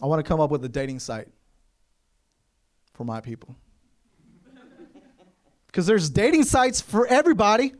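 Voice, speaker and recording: Animated man doing stand-up on stage. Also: sits high, moderate pace, pauses often. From Kentucky, USA. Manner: animated storytelling, acts out voices of others. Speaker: stand-up comedian. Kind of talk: stand-up comedy set. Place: comedy club stage before a live audience.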